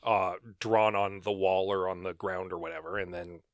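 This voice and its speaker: A man's voice: sits low, steady tone, moderate pace, no echo, clean studio sound. A man co-hosting a book club podcast, musing aloud in casual chat with occasional fillers. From Canada. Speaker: podcast co-host.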